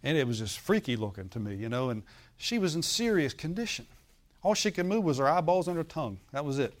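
A man's voice: a little high, sing-song, a little fast. Preacher man calling out amens. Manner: storytelling preacher, calls for amens, laughs often. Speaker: pastor. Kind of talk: sermon.

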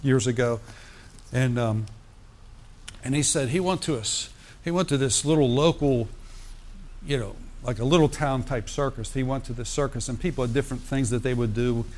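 A man's voice: medium pitch, normal speed, darkish tone. A man preaching, reading scripture aloud and breaking off to comment in a conversational way. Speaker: pastor. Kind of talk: sermon.

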